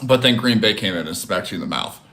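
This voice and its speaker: A man hosting a casual live stream from his phone, talking with chat in an animated, loose way with casual swearing. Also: lowish voice, fast talker.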